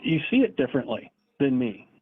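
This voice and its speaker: A man's voice: mid-range voice, big pitch swings, a little fast, slightly rough. Dismissive man on a tinny line. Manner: dismissive, interrupting.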